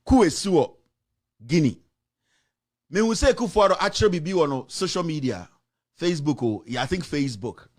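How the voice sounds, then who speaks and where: Ghanaian man, show host, indignant rants, higher-pitched voice that swings widely. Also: animated, fairly quick, long pauses, a little mellow. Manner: impassioned, indignant ranting; switches between English and Twi. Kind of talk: political commentary.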